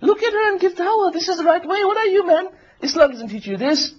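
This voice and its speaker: A preacher acting out a sly male devil, a tempter who wheedles and then pushes harder and harder. His voice rides high above a normal man's and comes through a dull, lo-fi recording. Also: animated, quick pace. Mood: pushy. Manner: wheedling, pushy, escalating demands.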